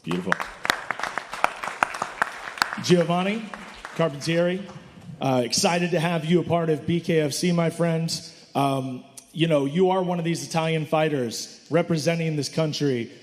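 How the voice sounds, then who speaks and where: A man's voice: fairly high pitch, moderate pace, a little mellow, long reverb tail, a faint crowd, slight background noise. A man hosting a fight press conference, asking fighters questions in an enthusiastic, hyping manner. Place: hotel conference hall.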